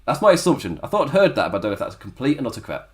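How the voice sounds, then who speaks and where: A man's voice: mid-range voice, very animated, racing. Laughing, rambling man reviewing. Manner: rambling, laughs often, does mock voices. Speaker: wrestling review podcast host. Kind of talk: casual solo review commentary.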